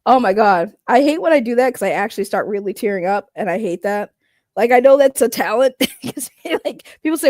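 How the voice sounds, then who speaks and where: A woman's voice: mid-range voice, animated, darkish tone, no echo, clean studio sound. A woman livestreamer chatting casually and brashly, swearing and laughing as she answers her chat. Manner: brash, profane, quick to laugh, reacts to chat.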